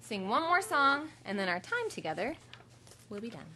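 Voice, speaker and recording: A woman's voice: a little high, very animated, moderate pace, sharp tone, slight background noise. A woman teaching kindergarten in a home video lesson, recorded on a tripod camera. She speaks in a cheerful singsong teacher voice and turns firm when she corrects the children. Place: home room with a cluttered floor.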